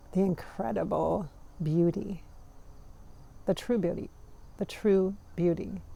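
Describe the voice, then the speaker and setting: A woman in her forties reflects aloud in a casual vlog, wandering from thought to thought and laughing often. Her voice has a gravelly fry and a mellow, darker color. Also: lowish voice. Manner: rambling, warm-hearted, laughs often. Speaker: vlogger.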